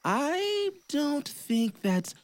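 A man voicing a calm, knowing mother in a folk tale, speaking in a low, gentle, warning way. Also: extremely slow, exaggerated voice.

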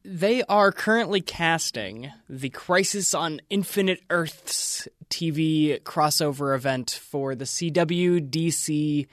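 Upbeat higher-voiced male film reviewer. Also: slow, few pauses, fairly bright tone, no room sound, clean studio sound. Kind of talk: casual entertainment news chat.

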